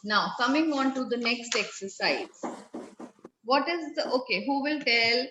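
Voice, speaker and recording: A woman's voice: fairly high pitch, a little slow, bright, forceful tone. Woman teacher drilling a French class. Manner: spells out and drills words, praises answers. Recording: echoey, dull with faint noise.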